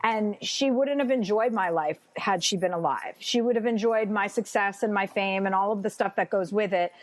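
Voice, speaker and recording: A woman's voice: medium pitch, normal speed, no echo. A woman podcast guest in casual chat, earnest and reflective as she talks through her beliefs. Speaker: podcast guest, comedian and author.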